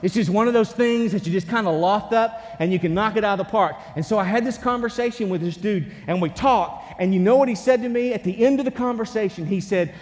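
A man preaching a sermon as pastor, animated, swinging from hushed lines to loud ones. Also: high voice, fairly quick, hardly any pauses, in a large hall. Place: church sanctuary.

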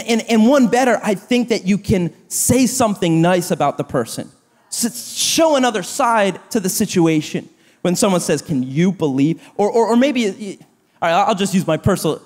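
A man in his thirties preaching a sermon to a church, animated and self-deprecating, acting out quoted gossip. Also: sits high. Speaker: pastor. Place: church auditorium. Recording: long reverb of a large hall.

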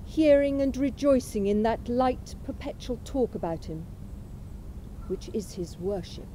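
A woman reading aloud from a lecture at a memorial event in a measured, unhurried way. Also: fairly high pitch, lively intonation, background noise. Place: college chapel.

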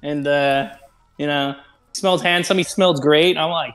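A man with a voice sitting a little above the usual male pitch, chatting on a live stream. He rambles through his story with constant fillers and swearing, restarting his sentences as he goes. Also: steady tone, normal speed, a bit bright, smooth, soft background music. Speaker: stream co-host. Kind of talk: casual live-stream chat.

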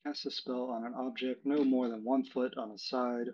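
Man, game master, husky voice, filler-heavy explaining, dull lo-fi audio. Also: medium pitch, little pitch movement, normal speed, a little mellow. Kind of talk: narrating a tabletop game.

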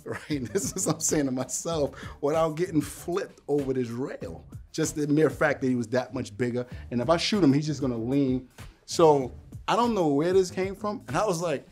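Brief: man, former cop, tells war stories with lively, swinging delivery, faint music bed. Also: on the high side, moderate pace. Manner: animated storyteller, acts out voices in quotes. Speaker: former police officer. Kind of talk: storytelling interview.

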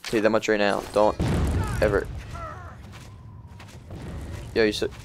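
Excitable young man narrating gameplay. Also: on the low side, unhurried, background noise. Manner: excitable, swears, talks to viewers. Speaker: let's play gamer. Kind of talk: casual gameplay commentary.

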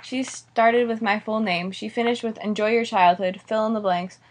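A woman's voice: fairly high pitch, steady tone, normal speed, slight background noise, natural voice. A woman reading the part of a sarcastic teenage girl who whines at her mother. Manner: whiny, sarcastic.

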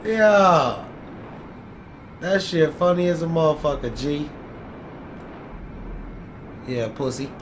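A man's voice: sits high, slight background noise. A man trash-talking another player while he plays an online game, taunting and boastful, with heavy swearing and repeated jabs. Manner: taunting, boastful, profane, repeats lines for effect. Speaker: gaming YouTuber.

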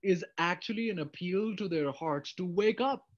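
A man preaching a sermon, emphatic, swinging between loud urgent appeals and quiet asides. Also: high voice, moderate pace. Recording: dull, lo-fi sound.

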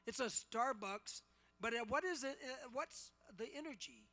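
A man in his sixties banters with fans at a convention panel, loud and teasing, his bright, high voice carrying into a large hall. He jokes constantly and often breaks into shouts and laughter. A handheld mic picks him up. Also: animated, normal speed. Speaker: celebrity convention panel guest.

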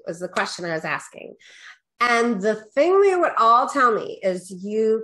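A middle-aged woman, a guest business coach, telling her story casually in an interview and acting out her own past lines. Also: unhurried. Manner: animated storyteller, quotes herself with rising pitch; peppers talk with "right?" and "da, da, da".

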